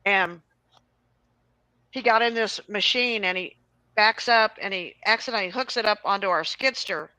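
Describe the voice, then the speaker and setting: Bright-voiced woman telling a rambling story. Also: mid-range voice, normal speed, no echo, poor audio. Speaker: host. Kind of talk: casual chat, storytelling.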